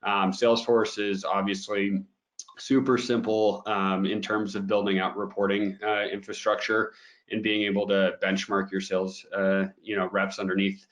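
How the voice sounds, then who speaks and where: A male interview guest with a fairly low voice who speaks in an easygoing, loose way. He pads his sentences with fillers and laughs easily as he talks about his work. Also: flat delivery, moderate pace. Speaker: business development director, guest. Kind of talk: casual interview chat.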